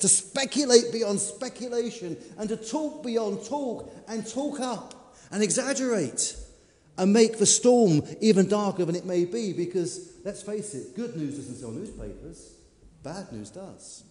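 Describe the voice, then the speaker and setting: This sermon comes from a man with a mellow voice, slightly higher than typical for a male, who tells it as a dramatic story, hitting some words hard before softening. He talks a little slowly with lively intonation and shifting emphasis. His words echo with a long, big-hall reverb.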